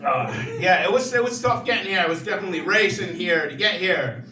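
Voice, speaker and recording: A young man doing stand-up and crowd work, chatty, with many "you know"s and animated rants. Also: high-pitched, brisk, noisy background. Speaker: stand-up comedian. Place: comedy club. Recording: echoey club from far off, loud crowd laughter.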